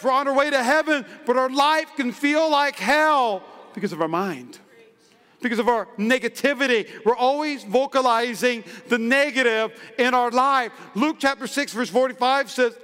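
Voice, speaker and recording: A male pastor preaching a lively, humorous sermon in a church, acting out the quoted voices of everyday people. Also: very high voice, clean tone. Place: church sanctuary. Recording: long hall reverb in a church.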